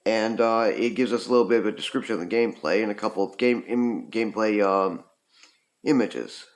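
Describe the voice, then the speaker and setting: A man's voice: lowish voice, fairly quick. A man casually reviewing a retro video game, rambling with lots of ums and uhs. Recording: roomy echo.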